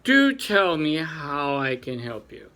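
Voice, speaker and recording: A man voicing a pompous older male chief rabbit in a storybook reading, speaking in a slow, patronizing drawl. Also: fairly high pitch, very animated, sharp tone, full character voice.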